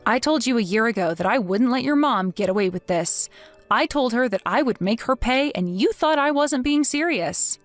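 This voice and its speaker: A woman's voice: fairly high pitch, lively intonation, moderate pace, dry recording, faint music behind, close to an everyday voice. A woman voicing a cold, vengeful wife. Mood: taunting. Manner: mocking, sarcastic. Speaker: wife in a text-message story.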